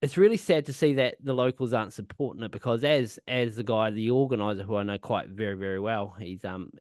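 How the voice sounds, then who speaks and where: A man's voice: lowish voice, brisk, darkish tone, no echo, clean studio sound. A man co-hosting a podcast, telling a rambling, swear-filled festival story in casual chat. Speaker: podcast co-host.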